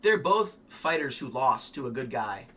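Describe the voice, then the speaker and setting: Bright-voiced opinionated fight-fan guy. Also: medium pitch, very animated, moderate pace. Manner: rambling, opinionated, swears, frequent ums. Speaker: MMA fan vlogger. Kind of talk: casual fight commentary.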